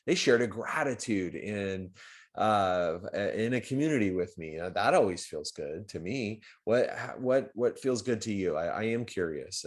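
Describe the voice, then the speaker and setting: Lowish-voiced man, chatty and animated. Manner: conversational, repetitive restarts, animated swings in loudness. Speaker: host of a live community stream. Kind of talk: casual livestream talk.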